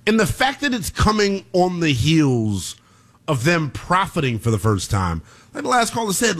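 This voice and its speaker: Male call-in show host, animated, high and expressive, punchy delivery. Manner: animated, laughing, emphatic. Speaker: sports radio host. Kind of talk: call-in sports talk show.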